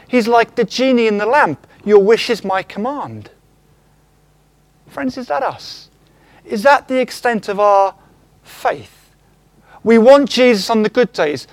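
This high-voiced man preaches in church with lots of animation, playing out quotations and questioning his congregation. The audio carries no echo.

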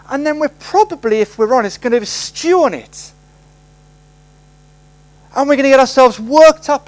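Lively high-voiced male preacher. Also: poor audio. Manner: storytelling, conversational, acts out quoted voices. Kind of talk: sermon. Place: church service.

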